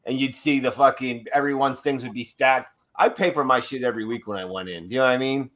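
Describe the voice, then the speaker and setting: A man's voice: medium pitch, steady tone, quick pace, a bit bright. A man talking bluntly and emphatically with casual swearing in a group chat.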